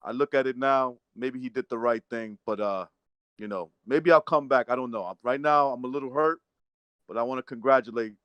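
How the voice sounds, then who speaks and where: A man's voice: mid-range voice, brisk, a bit bright, smooth, no room sound. A man playing a beaten fighter in a mock post-fight interview, humbly praising his rival and pleading with his fans. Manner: over-the-top staged humility, pleading with imaginary fans. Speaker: trivia contestant playing a defeated boxer.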